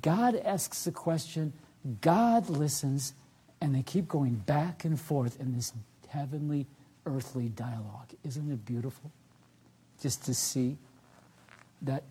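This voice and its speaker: A man preaching a sermon as pastor, reading scripture aloud with rising emphasis, then dropping low and soft to reflect on it. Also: slightly rough.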